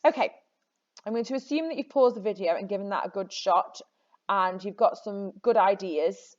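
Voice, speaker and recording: A woman teacher walks students through an exam paper in a relaxed, chatty voice of middling pitch. She encourages them and trips over her words now and then, laughing it off. The recording sounds a little dull and lo-fi. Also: moderate pace. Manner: chatty, self-correcting, encouraging. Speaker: English teacher. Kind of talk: recorded classroom lesson. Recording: slightly dull lo-fi audio.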